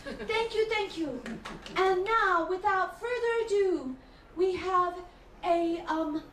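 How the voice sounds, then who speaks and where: A woman's voice: very high-pitched, slow, fairly bright tone. A woman hosting a live comedy show, bubbly and cheering on the acts. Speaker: show host. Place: comedy club. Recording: echoey club with hiss.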